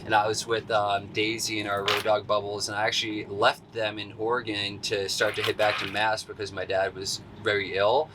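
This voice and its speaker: A man's voice: lowish voice, moderate pace, few pauses, background noise. A man telling a long personal story in a casual, slangy way, acting out what people said in a raised voice. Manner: animated, acts out quotes in a raised voice; laid-back, slangy. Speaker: interview guest.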